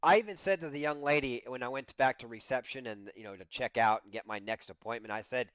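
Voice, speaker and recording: Chatty sixty-year-old man, smooth and dry. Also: mid-range voice, fast, a bit bright, no room sound, lo-fi sound. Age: 60s. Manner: chatty storytelling, laughs often, acts out his own quoted lines. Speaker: livestream host. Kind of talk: casual livestream chat.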